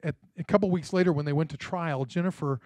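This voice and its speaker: A man's voice: a little high, fast talker, darkish tone, no room sound. A man, a pastor, giving a sermon in a conversational storytelling way and often checking in with the congregation. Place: church.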